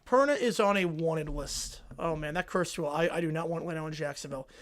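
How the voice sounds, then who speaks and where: A young man hosting a football reaction livestream from his home desk, reading viewer messages aloud in an excited, rambling way. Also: fairly high pitch, fairly quick. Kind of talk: live stream chat reading donations. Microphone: desk mic with headphones.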